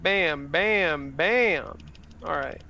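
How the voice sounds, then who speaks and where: Young man, sim racing streamer, gravelly voice, slightly high, casual and sweary, dull lo-fi audio. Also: very slow, sharp tone. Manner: casual, swears often, reads chat aloud. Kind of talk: casual livestream chat while racing.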